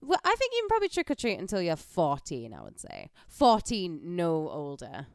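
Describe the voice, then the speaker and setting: A woman chats on a podcast, teasing her co-host with dry humor. Her voice sits low but moves up and down freely. The recording is dry and close. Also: huge pitch swings, normal speed, no room sound. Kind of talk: casual chat.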